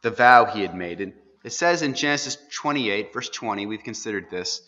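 A man's voice: lowish voice, expressive, moderate pace, pushed and bright. A man teaching an earnest, sermon-style Bible class, pressing his listeners with rhetorical questions. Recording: dull, echoey hall recording.

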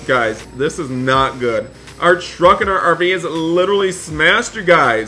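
A young man hosting a gaming roleplay as a father, excitable and talking straight to viewers, given to repeated exclamations. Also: fairly high pitch, normal speed, few pauses, a little hiss or hum. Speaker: gaming channel host playing a father. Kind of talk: casual roleplay gameplay commentary.

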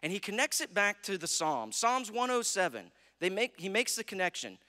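An American man preaching in a church, telling the story with feeling and often checking in with "right?". His voice sits high and swings widely. It rings with a long reverb from the sanctuary. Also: big pitch swings, normal speed, sharp tone. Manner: storytelling preacher, acts out quotes, asks "right?". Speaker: pastor. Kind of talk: sermon.

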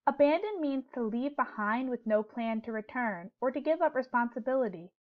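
A woman teacher leads a storybook lesson for young children, her voice lively and rising and falling with a higher pitch. She asks questions gently and clearly, and the recording sounds dull and lo-fi. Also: moderate pace.

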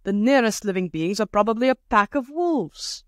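A woman with an expressive, mid-range voice close to everyday speech voices a timid male traveler who talks anxiously and exclaims often. She speaks at normal speed, and the studio sound is clean with no room sound.

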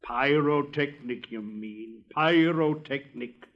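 A man's voice: mid-range voice, takes it slowly, dull audio, natural voice. A man voicing a touchy, self-assured Bengal light firework with a matter-of-fact manner. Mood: prickly.

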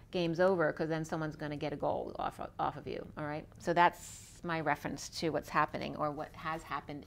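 A woman giving a casual spiritual tarot reading, rambling and repeating herself and checking in with "right?" as she goes. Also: fairly low pitch. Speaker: tarot reader.

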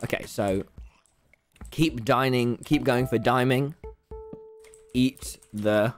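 A young man commentating on his own live game stream, excitable, laughing and yelling often and repeating himself. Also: mid-range voice, takes it slowly, pauses often, soft background music.

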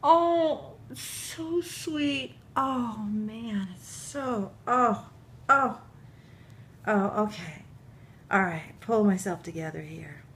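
A woman unboxing a gift package on her vlog, tearful and gushing, laughing through her tears and dropping into soft whispers. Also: mid-range voice, slow, pauses often, a little hiss or hum. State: tearful, crying while talking. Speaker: vlogger opening a gift package.

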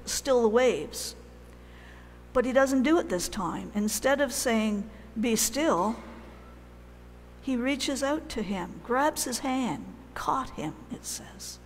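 A woman preaching a sermon in a church, telling the story in a conversational, animated way with pauses. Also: on the high side, in a large hall, a little hiss or hum.

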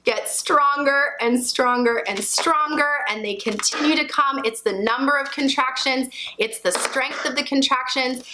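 A young woman, a birth educator, talking through a hands-on demonstration in an excited, laughing way, sometimes straining with effort. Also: on the high side, poor audio. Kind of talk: demonstration vlog.

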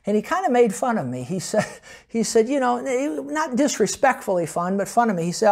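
A man's voice: high-pitched, big pitch swings, brisk, creaky, darkish tone. A man preaching a sermon as pastor, telling personal testimony stories with emphasis and occasional laughter. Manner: storytelling, emphatic, laughs between points.

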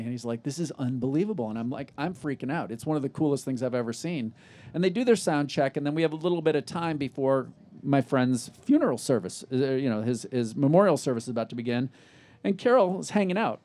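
A middle-aged man telling animated stories on a live festival stage, acting out the dialogue he quotes. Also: on the high side, fast talker. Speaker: interview guest. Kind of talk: storytelling in a live festival interview.

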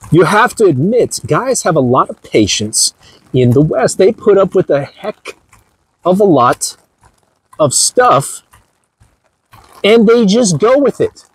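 A man's voice: high-pitched, breathy edge, no room sound, poor audio. A man giving an emphatic, lecturing monologue to his viewers, recorded outdoors by the beach. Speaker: vlogger giving dating advice. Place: outdoors by the beach in heavy rain.

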